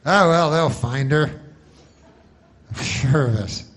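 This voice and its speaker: A man doing a stand-up comedy monologue, deadpan and rambling through long setups. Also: on the high side, slow pace.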